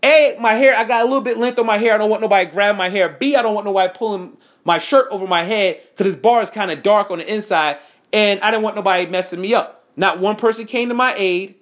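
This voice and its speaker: A man's voice: sits high, quick pace. Heated, profane man telling a story. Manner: heated, profane, animated retelling with quoted dialogue. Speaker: veteran recounting an incident. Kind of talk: angry first-person account to camera.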